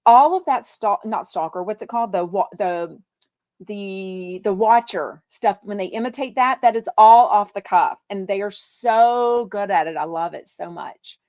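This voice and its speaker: A woman's voice: medium pitch, a little slow, darkish tone, no echo, dull audio. A woman from Texas, hosting a live podcast, chatting casually and reading out viewer comments in a bubbly, gushing way with lots of fillers. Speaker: podcast host.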